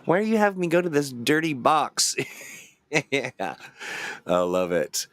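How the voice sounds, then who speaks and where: A man's voice: medium pitch, big pitch swings, a little slow, a bit bright, no room sound, clean studio sound. A man hosting a casual chat, laughing often and reading viewer comments aloud. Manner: laughs often, chatty and reactive. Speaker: host.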